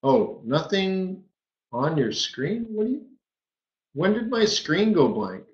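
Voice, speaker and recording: Guy running a live trading webinar, slow talker, kinda highish voice, goofy exclamations, echoey dull audio. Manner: excitable, playful exclamations. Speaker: forex webinar host.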